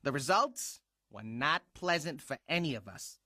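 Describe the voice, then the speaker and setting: A man voicing a grumpy, wry male shark telling a story in an animated film. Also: on the high side, a little slow, noisy background. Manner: dry, grumbling storyteller.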